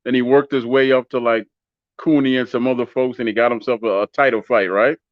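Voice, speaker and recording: A man's voice: mid-range voice, steady tone, fairly quick, dry recording. Chatty co-host man in his fifties. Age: 50s. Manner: friendly, chatty, many fillers. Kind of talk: casual interview talk. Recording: dull lo-fi call audio.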